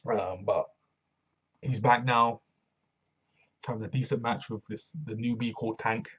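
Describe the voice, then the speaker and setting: A man casually reviewing a wrestling show alone, slangy and excitable, often repeating himself. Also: lowish voice, measured pace, breathy edge.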